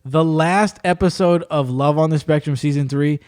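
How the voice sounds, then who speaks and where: A man's voice: fairly high pitch, normal speed. A man. He tells stories animatedly, acting out what people said and laughing often. The talk is loose and full of fillers. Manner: animated storytelling, acts out quotes, laughs often. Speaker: podcast host. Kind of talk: casual chat.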